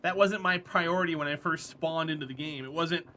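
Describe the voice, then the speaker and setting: A man's voice: fairly high pitch, brisk, bright, forceful tone, slight background noise. A male streamer chatting casually with his viewers while gaming, laughing often and talking to chat by name. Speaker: streamer, host.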